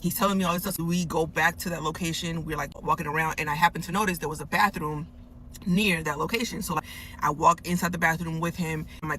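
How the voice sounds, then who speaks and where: Woman storyteller, bright sharp tone, animated and swearing, recorded on a phone in a car. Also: lowish voice, fast talker, a little hiss or hum, poor audio. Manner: animated, swears freely, tells a story through quoted dialogue. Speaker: storyteller in a clip. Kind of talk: casual storytelling. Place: parked car.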